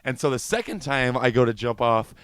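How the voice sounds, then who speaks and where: A man's voice: medium pitch, animated, fairly quick, smooth, dry recording. A man co-hosting a podcast, telling concert stories in a casual, profane chat and laughing easily. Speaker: podcast co-host.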